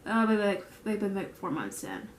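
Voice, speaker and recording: A woman's medium-pitched voice takes on a sing-song lilt at a moderate pace as she does her makeup and rambles about her job. She's a vlogger who works at a bakery store, and her get-ready-with-me talk is full of restarts and fillers. The room echoes, with slight background noise.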